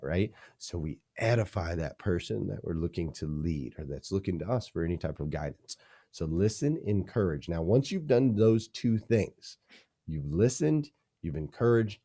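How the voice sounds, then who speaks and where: A man's voice: sits low, lively intonation, moderate pace, dark tone. A man, a leadership coach, being interviewed on a podcast, teaching energetically in punchy, repeated phrases.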